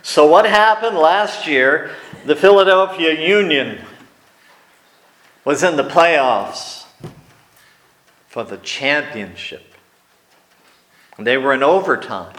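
A man preaching a sermon, telling wry personal stories and slipping into quiet asides, recorded in a church hall. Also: on the high side, lively intonation, slow pace, pauses often. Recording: echoey room.

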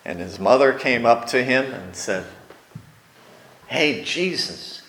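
Medium-pitched and a bit bright, this man's voice moves at normal speed through an echoey church sanctuary. He's a pastor preaching a sermon, storytelling and acting out the quoted lines in a raised voice.

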